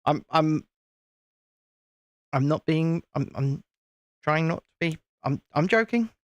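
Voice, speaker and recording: A British man chats away on a live stream, playful and easygoing, often tripping over and restarting his sentences. His voice sits a little high for a man. The sound is close and dry, with no room around it. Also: animated, slow pace, no room sound. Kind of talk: casual chat while building Lego live.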